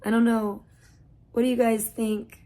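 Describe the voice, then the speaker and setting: A woman's voice: on the high side, little pitch movement, unhurried, warm tone. A woman hosting a livestream, reacting to clips with blunt, profane, mocking commentary.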